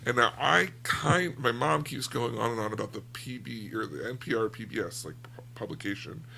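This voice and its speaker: Man, gravelly, bright tone, casual podcast talk, rambling. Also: medium pitch, normal speed, a little hiss or hum. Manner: rambling, self-deprecating. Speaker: podcast co-host. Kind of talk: casual book discussion.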